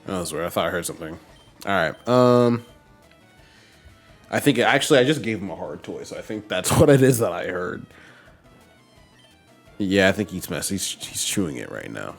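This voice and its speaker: A man's voice: sits low, very animated, normal speed, vocal fry, pauses often, soft background music. A man streaming a game, chatting casually as he plays and talking to his team and viewers. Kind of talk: casual gameplay commentary.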